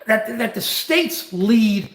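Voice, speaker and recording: A man's voice: high voice, animated, slow pace, gravelly, fairly bright tone, reverberant. An older man and grandfather, host of a livestream, giving rambling, combative political commentary.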